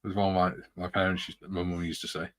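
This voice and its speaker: Man, low voice, dry close sound, rambling chatty anecdotes. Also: level tone, fairly quick, a bit bright, no echo. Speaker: scale model builder, co-host. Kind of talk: casual livestream chat reading viewer comments. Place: home room with curtains closed.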